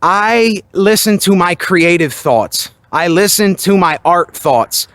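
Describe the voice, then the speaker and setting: Loud, high-voiced man ranting outdoors. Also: slow pace, no echo. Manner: loud and emphatic. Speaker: vlogger. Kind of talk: motivational monologue. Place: outdoors at night near his building. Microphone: handheld microphone.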